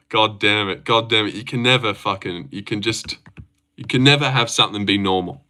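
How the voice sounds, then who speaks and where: A man's voice: fairly low pitch, unhurried, long pauses, bright, forceful tone. A young Australian man hosting a casual livestream, reading chat, rambling and swearing with frequent laughs. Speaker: livestream host.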